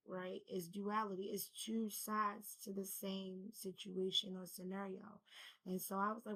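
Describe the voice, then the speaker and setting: A woman's voice: mid-range voice, flat delivery, unhurried, bright, forceful tone, poor audio. A woman who is feeling unwell talks to her viewers in a loose, rambling way. Her voice stays mostly level, with little rise and fall. It sounds like a casual spiritual vlog. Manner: rambling, loose and conversational, addresses viewers as y'all. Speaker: spiritual vlogger. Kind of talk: casual spiritual talk to camera.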